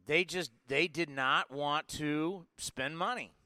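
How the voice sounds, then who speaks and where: A man in his forties hosting a live sports talk show, talking in an energetic, rambling way with lots of asides. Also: a little high, takes it slowly, dry recording. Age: 40s. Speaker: sports podcast host.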